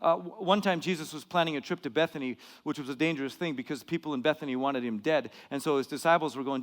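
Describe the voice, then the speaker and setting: A man preaching a sermon as pastor, dramatic and lively, acting out quoted lines and getting louder for emphasis. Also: quick pace, hardly any pauses. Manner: dramatic, acts out quoted lines, rises in pitch and volume for emphasis. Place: church hall. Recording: long hall reverb.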